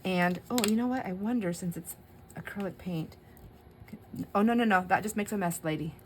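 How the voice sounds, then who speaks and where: A woman's voice: medium pitch, normal speed, slight background noise. A middle-aged woman hosting a crafting video, chatting casually to her viewers, laughing often and talking to herself as she works. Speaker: craft channel host.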